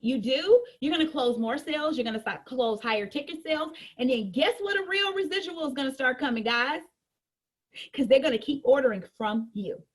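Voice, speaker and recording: A woman giving a sales training talk in a colloquial, animated way, talking straight to her audience and acting out customer conversations. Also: high voice, fairly quick.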